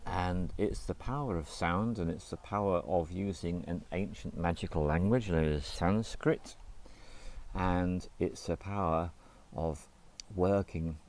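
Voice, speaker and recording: A man acting as a spiritual teacher, explaining a mantra slowly and deliberately and spelling out its syllables one by one. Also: deep voice, steady tone, a little mellow.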